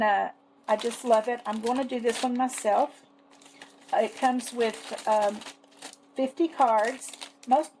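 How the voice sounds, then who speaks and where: A chatty woman with a slightly high, gravelly voice walks through her savings products in a casual show-and-tell. She talks fondly with many little fillers, over a faint hiss of background noise. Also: a little mellow, low-quality recording. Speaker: savings challenge seller and vlogger.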